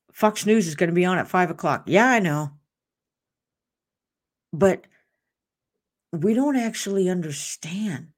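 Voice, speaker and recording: A woman's voice: on the low side, a little mellow. A woman hosting a devotional podcast, talking earnestly and off the cuff, with restarts and asides. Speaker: podcast host.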